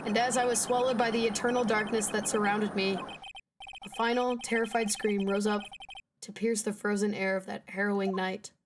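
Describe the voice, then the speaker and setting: A woman's voice: mid-range voice, flat delivery, normal speed, distant mic, background noise, voice pushed down, close to an everyday voice. A woman reading the lines of a jumpy young male defense lawyer in a game, in her own voice without a separate character voice. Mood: dramatic. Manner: read-aloud dialogue in her own voice. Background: game music.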